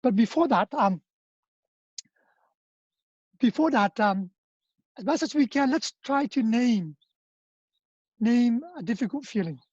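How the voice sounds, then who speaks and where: A woman with a fairly high, mellow and husky voice leads a retreat in a gentle, prayerful way, often pausing and restarting. The sound is dull and dry, like muffled video call audio. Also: animated, no echo. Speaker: retreat leader. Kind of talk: reflective talk and guided prayer. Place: home, online video call.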